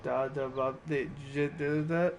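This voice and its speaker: A man's voice: on the high side, fairly even intonation, measured pace, vocal fry. A man in casual voice chat with gaming friends, laughing often and bantering playfully. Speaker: gamer chatting with friends.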